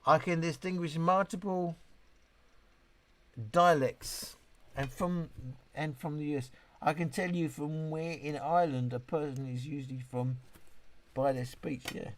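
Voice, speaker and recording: A man in his fifties hosting a casual livestream, rambling and chatty as he answers viewer questions, often breaking off and restarting. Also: medium pitch. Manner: rambling, chatty, self-interrupting. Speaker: livestream host.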